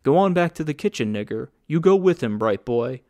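A man's voice: medium pitch, animated, brisk, a little mellow, dry recording, natural voice. A man voicing a hired gunman who gives clipped, bossy orders. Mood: commanding. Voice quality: clipped, commanding.

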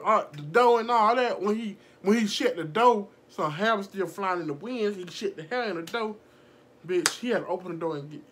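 Bright, animated woman telling a story. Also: on the low side, breathy edge. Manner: animated, profane, laughs often, mimics people in her story. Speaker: vlogger. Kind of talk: casual storytime.

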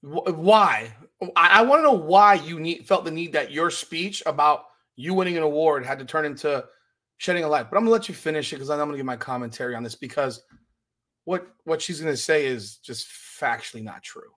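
Male podcast host, fired-up opinion monologue, insistent and repetitive, slightly high voice. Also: brisk, a bit bright. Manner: emphatic, indignant, repeats himself. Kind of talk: opinionated commentary.

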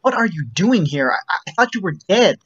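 A man's voice: sits high, very animated, a little fast, fairly bright tone, breathy edge, highs cut off, exaggerated voice. A man reading a stiff, exasperated male psychiatrist who speaks in a firm, clipped, controlled way, over a video call. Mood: stern.

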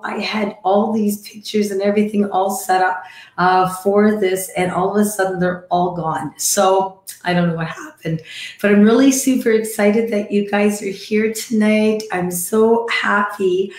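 A woman with a croaky, hoarse voice from croup, chatting casually with viewers on a live stream and greeting them by name. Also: medium pitch, darkish tone, echoey room. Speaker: livestream host. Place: decorated home room.

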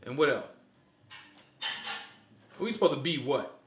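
Animated man preaching in an echoey room. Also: medium pitch, a little slow, background noise. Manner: animated, asks the group questions, repeats "you know what I'm saying". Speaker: teacher leading a Sabbath study. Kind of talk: casual preaching to a small group.

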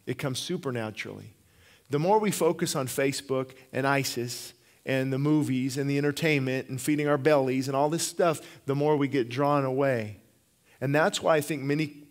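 A middle-aged man preaching a sermon as pastor, impassioned, often repeating words and restarting phrases. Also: medium pitch.

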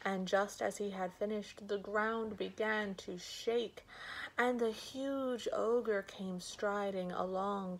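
A woman reading a fairy tale aloud as a bedtime story, gentle and unhurried. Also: medium pitch, fairly even intonation, gravelly, rough recording.

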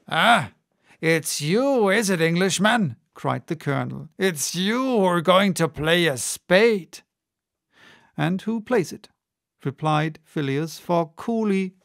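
A man narrating a classic novel as an audiobook in a steady, measured reading. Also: fairly high pitch, gravelly, no room sound, clean studio sound. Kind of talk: scripted narration.

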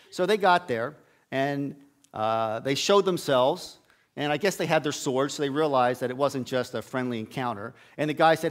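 A man's voice: fairly high pitch, lively intonation, a little fast. A middle-aged man preaching a casual storytelling sermon in a church sanctuary, acting out the characters' lines with a raised voice. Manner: folksy, acts out Bible characters' lines with raised voice.

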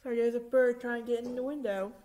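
A young woman in her twenties talking casually and excitedly to her viewers, with many fillers, recording in a church room. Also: on the high side, quick pace. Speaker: vlogger. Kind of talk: casual vlog chat.

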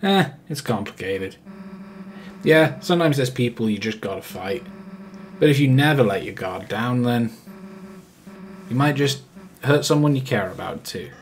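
A man doing a blunt, gruff monster girl. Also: mid-range voice, lively intonation, moderate pace, long pauses, slight background noise, close to an everyday voice. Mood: serious. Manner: blunt, rough, slangy. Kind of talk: fan voice-over of a game.

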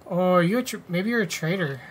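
A man's voice: high voice, animated, fast talker, slightly rough. Guy doing loose let's-play chat, cussing and cracking jokes, reads the game text out. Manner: joking, profane, reads game text aloud. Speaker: gaming channel host. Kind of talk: casual let's-play commentary.

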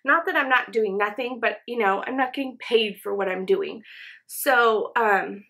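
A woman's voice: fairly high pitch, a little slow, vocal fry, pushed and bright. A young woman chatting casually while doing her makeup, rambling with lots of fillers like "um" and "you know.". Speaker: beauty vlogger. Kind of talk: casual get-ready-with-me chat. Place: home, indoors.

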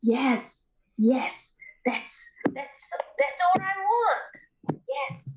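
A woman's voice: sits high, very animated, extremely slow, echoey room, background noise, exaggerated voice. A woman playing an eager little girl selling cookies, in broken childlike English, in an online improv comedy show. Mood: grateful. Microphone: computer mic on a video call.

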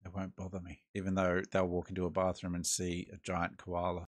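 A man's voice: low-pitched, monotone, a little fast. An Australian man giving laid-back, joking commentary while playing a horror game, talking to himself as he goes. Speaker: gaming host. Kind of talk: let's-play commentary.

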